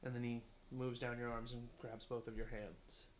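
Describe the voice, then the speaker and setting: A man narrating a tabletop role-playing game as game master, describing scenes in a slow, measured, atmospheric way. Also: medium pitch, little pitch movement, roomy sound, a little hiss or hum. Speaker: dungeon master.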